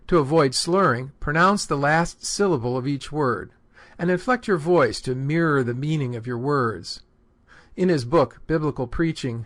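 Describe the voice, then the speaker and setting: A man giving a scripted, measured lesson on delivering sermons. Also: a little high, a bit bright. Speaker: homiletics teacher. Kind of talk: scripted instructional narration.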